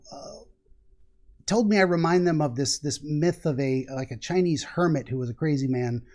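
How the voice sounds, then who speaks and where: A man's voice: a little high, normal speed, a little mellow. A middle-aged American man hosting a podcast on dreams, talking casually, rambling and laughing at himself. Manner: rambling, self-deprecating, laughs often. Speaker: podcast host, dream interpreter. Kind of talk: casual conversational interview.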